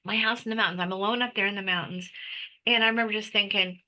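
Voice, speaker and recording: A woman's voice: medium pitch, steady tone, quick pace, sharp tone, a little hiss or hum, poor audio. A middle-aged woman giving an emotional personal testimony as an interview guest, talking intensely with frequent restarts and stammers.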